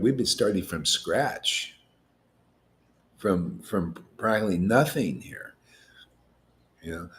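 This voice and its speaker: A man as spiritual teacher, giving an informal devotional talk in a colloquial way, full of rhetorical questions and rising in pitch to stress his points. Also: darkish tone.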